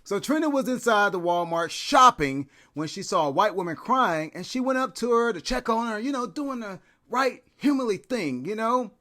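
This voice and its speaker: A man's voice: sits high, lively intonation, normal speed, few pauses, sharp tone. A man hosting a commentary video, talking in a chatty way with lots of fillers. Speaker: commentary channel host. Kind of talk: casual commentary.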